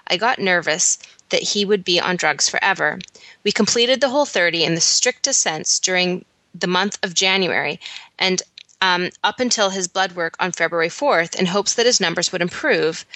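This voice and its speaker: A woman's voice: on the low side, bright, forceful tone, no room sound. A woman from Canada co-hosting a casual podcast, laughing easily and reading a listener's letter aloud. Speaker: podcast co-host.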